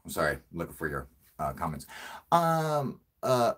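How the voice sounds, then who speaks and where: Man hosting his own stream: husky voice, pitch swinging wildly, crude and excitable. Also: normal speed. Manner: profane, excitable storyteller who laughs often. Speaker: channel host. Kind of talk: casual livestream chat.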